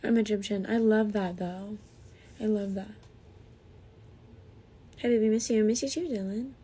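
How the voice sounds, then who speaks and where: A woman's voice: mid-range voice, steady tone, unhurried, dark tone, breathy edge. A young woman from the United States chatting casually on a phone livestream, reading comments aloud and answering them.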